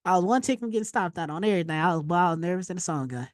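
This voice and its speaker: A woman teaching a casual trading lesson over a screen share, slangy and animated, telling stories with loud exclamations. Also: fairly low pitch, racing, no echo, studio quality. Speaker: trading instructor.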